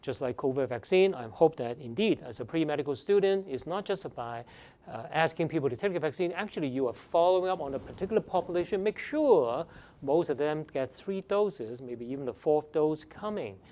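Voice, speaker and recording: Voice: mid-range voice, lively intonation, a little fast, warm tone. A pre-med admissions advisor giving a seminar lecture, emphatic, repeating key phrases and firing off rhetorical questions.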